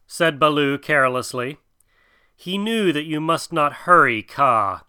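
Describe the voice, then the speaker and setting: A man narrating a classic tale as an audiobook in a measured, expressive reading. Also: a little high, smooth.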